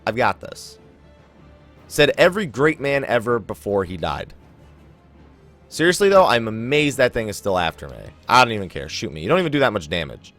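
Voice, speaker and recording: Young guy narrating his mmo gameplay, super expressive pitch, chuckly and self-mocking, quiet game music behind. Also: brisk. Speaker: gaming channel host. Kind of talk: let's play commentary.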